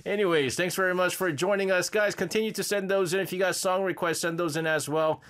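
A middle-aged man hosting a live radio show, reading out listener messages in a chatty way, laughing often and filling pauses with fillers. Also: high-pitched, fairly even intonation, fairly bright tone. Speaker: radio host. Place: radio studio.

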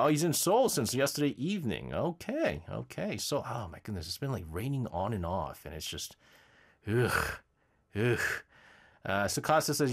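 Male radio host, middle-aged, animated pitch, chatty and laugh-prone, casual studio banter. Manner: chatty, laughs often, many fillers and restarts. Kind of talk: casual live radio chat reading listener messages.

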